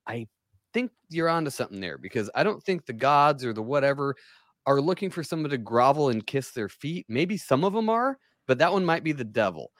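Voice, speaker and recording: A man's voice: mid-range voice, very animated, brisk, no room sound, studio quality. A man co-hosting a podcast in casual chat, blunt and sarcastic, swearing freely. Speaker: podcast co-host.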